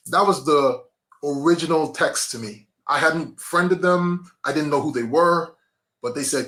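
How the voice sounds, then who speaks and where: A man with a bright, forceful voice tells personal stories as a guest on a podcast. He talks casually and acts out the voices he quotes. He often calls people "man" and "bro". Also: on the high side, moderate pace. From grew up on an island. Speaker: podcast guest, motivational speaker. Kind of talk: casual conversation, storytelling.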